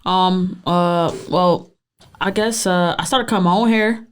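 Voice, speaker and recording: High-voiced, smooth-sounding barber guest. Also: male voice, fairly even intonation, unhurried. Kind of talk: casual conversational interview.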